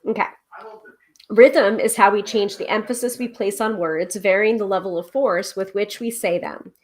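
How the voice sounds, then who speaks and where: A woman with a medium-pitched voice and moderate pace hosts a casual tarot livestream from home. She is chatty and loose, full of filler and many ums, and reads viewer comments and book passages aloud.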